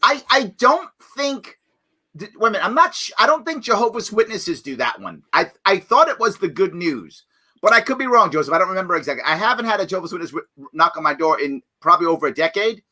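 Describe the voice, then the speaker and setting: A man's voice: high voice, big pitch swings, fast, pushed and bright. A man hosting a live-stream chat show, talking casually and animatedly, often laughing and rambling. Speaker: host.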